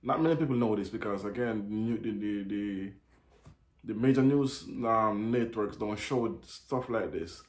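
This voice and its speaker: A man talking fast and restarting often, commenting on a video for his channel. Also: lowish voice. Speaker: video host. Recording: echoey room.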